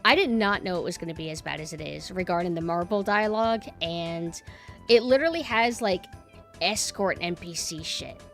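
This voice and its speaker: A woman's voice: on the low side, normal speed, soft background music. A young woman streamer chatting casually with her viewers and ranting bluntly, swearing freely.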